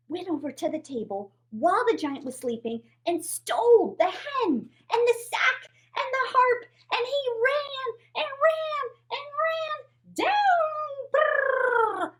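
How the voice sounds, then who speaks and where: A woman's voice: very high-pitched, very animated, takes it slowly, fairly bright tone. A woman hosting a children's storytime, playfully reading a fairy tale aloud with puppets. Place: home, recorded for a livestream.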